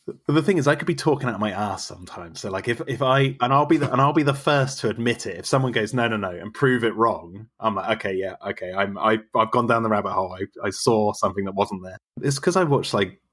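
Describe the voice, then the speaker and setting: Casting: husky, lower-pitched man, enthusiastic film obsessive, rambling chat. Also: expressive, fast talker, fairly bright tone. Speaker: podcast guest. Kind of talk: casual chat.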